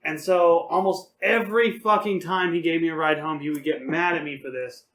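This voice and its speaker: A young man with a high, light voice tells rowdy stories on a podcast, swearing freely and laughing as he goes. He sounds loose and unpolished, and his voice rings in an echoey room. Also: steady tone, a little fast, a bit bright. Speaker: podcast co-host. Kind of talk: casual storytelling.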